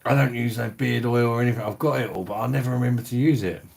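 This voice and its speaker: A man's voice: medium pitch, fast, creaky, a little mellow. A middle-aged British man hosting a beer review livestream, chatting bluntly in slang, swearing freely and reading out viewer comments. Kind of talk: casual live-stream chat reading viewer comments.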